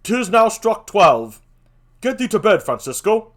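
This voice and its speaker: A man voicing a jumpy young male castle sentry, declaiming old verse loudly. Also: fairly high pitch, lively intonation, a little slow, pitched above the performer's own voice. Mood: alarmed. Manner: loud, sharp, raised declamation.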